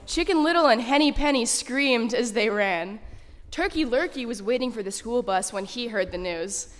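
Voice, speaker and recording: A woman reading a children's story aloud in a school chapel, animated and expressive. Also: medium pitch, normal speed. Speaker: story reader. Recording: reverberant chapel.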